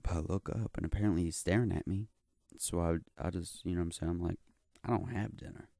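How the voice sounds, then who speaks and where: A man's voice: low voice, fairly even intonation, fast, creaky, mellow, no echo, clean studio sound. A young man telling a story in a rambling, profane, slangy way. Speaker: vlogger. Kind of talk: casual storytelling.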